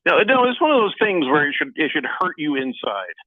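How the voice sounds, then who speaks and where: Lively male radio host over a phone line. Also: fairly high pitch, no echo. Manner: jokey, lively, talks fast in spurts. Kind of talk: casual sports radio chat, reading listener messages. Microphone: phone line into the studio. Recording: tinny phone line, dry.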